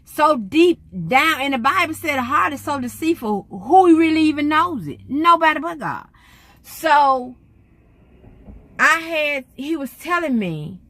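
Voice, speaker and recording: A woman's voice: sits high, lively intonation, unhurried, fairly bright tone, dry recording. A middle-aged woman, giving an emphatic, preacherly faith testimony to her vlog audience. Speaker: vlogger.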